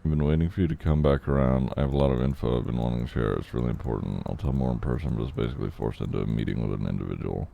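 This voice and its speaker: Gravelly, deep-voiced man muttering. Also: very fast, few pauses, phone-quality sound. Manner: swears a lot, mutters thoughts aloud. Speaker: streamer in a game role-play. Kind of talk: casual role-play chat.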